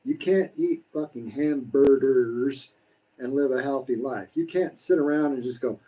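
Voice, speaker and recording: A man's voice: mid-range voice, a little slow, warm tone, husky, poor audio. A man in his sixties from the United States, talking bluntly and preachily in a casual live-stream while eating, swearing freely. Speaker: vlogger. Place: home in the Philippines.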